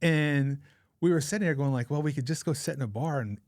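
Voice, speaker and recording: A man's voice: fairly high pitch, brisk, a little mellow, no room sound, clean studio sound. A man in his forties, a podcast guest, telling a rambling personal anecdote in a casual, chatty way. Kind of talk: casual storytelling.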